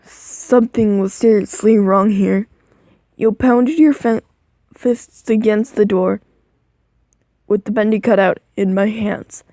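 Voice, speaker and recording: A drowsy woman reads a second-person story aloud at a slow, unhurried pace, her voice mellow and soft-edged. She stumbles over words now and then and stops to comment on what she reads. She is recorded on a phone mic. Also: mid-range voice, fairly even intonation, no room sound. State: sleepy, yawning. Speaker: reader of fan fiction. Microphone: phone microphone.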